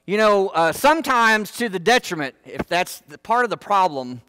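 A man's voice: sits high, sing-song, moderate pace, pushed and bright, clean tone, dry recording. A man preaching a sermon in church, folksy and full of joking asides. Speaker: pastor.

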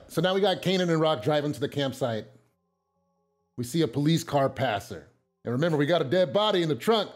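A man's voice: a little high, fairly quick, faint music behind. Chatty man recapping a show. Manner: chatty, with fillers and repeated starts; gets loud and excited at big scene moments. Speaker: host recapping a TV episode. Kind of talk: casual recap vlog.

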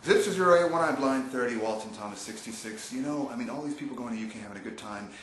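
A man's voice: medium pitch, fast, a bit bright, slight background noise. Man doing mock-show banter in an echoey room. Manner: self-pitying whiny asides. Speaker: co-host of a video preview. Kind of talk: jokey mock-broadcast banter.

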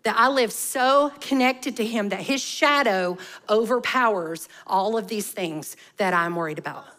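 A woman's voice: mid-range voice, a little slow, a bit bright. A woman, preaching a conversational sermon full of rhetorical questions. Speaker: pastor.

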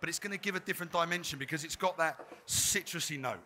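A man's voice: a little high, quick pace, bright, forceful tone, slight background noise. A man, a chef giving a live cooking demonstration, chatty and self-deprecating. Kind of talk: live cooking demo talk. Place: trade fair demo stage.

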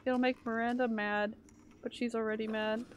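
A woman live-streaming a horror game, reacting excitably and chatting with her viewers as she plays. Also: on the high side, normal speed, a little hiss or hum. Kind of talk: live gameplay commentary.

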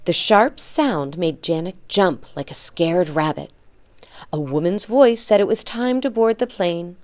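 A woman reading a children's story aloud for a lesson, slow and deliberate. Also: on the low side, animated, darkish tone. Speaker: story reader.

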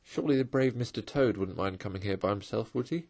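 A man's voice: fairly low pitch, fast talker, darkish tone. A man voicing a timid, frightened small male mole in a read-aloud storybook, speaking in a trembling, plaintive way.

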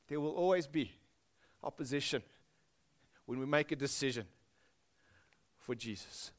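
A man's voice: a little slow, pauses often. Emphatic South African preacher man. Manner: animated, emphatic, dropping low for emphasis. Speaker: pastor. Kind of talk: sermon.

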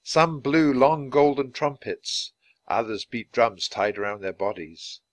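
A man reading a children's chapter book aloud clearly, for language learners. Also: medium pitch, animated, unhurried, no echo. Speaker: storybook reader.

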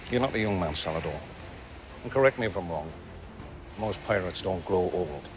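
A weathered old smuggler in a TV drama, with a Geordie accent. His voice is very deep and plain-spoken, with loud music behind. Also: lively intonation, normal speed. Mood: wry.

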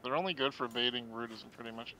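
A man's voice: medium pitch, fast, sharp tone, low-quality recording. A man chatting casually and joking during a card game with friends. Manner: joking, laughs often. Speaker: player. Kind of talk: casual chat while playing a card game.

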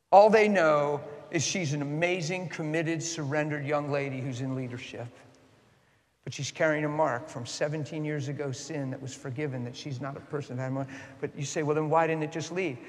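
A man preaching a storytelling sermon, swinging from hushed asides to loud, impassioned peaks. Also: fairly high pitch. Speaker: guest preacher. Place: church sanctuary. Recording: long church hall reverb.

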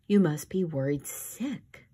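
Casting: woman playing an easygoing, agreeable wealthy man, low and a bit husky. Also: animated, slow, mellow, exaggerated voice. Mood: polite. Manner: polite and easygoing. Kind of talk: audiobook reading.

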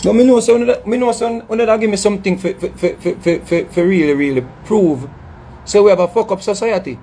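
A man's voice: high-pitched, a little fast, warm tone, a little hiss or hum. A middle-aged man with a Jamaican accent, talking in an impassioned monologue, emphatic and scolding, repeating phrases and stumbling over words. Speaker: dancehall artist speaking to his audience.

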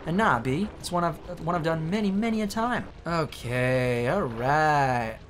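A man giving profane, joking commentary as he plays a video game, reacting loudly to the screen. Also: on the high side, measured pace, a little hiss or hum. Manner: excitable, swearing, joking at the screen. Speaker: let's play streamer.

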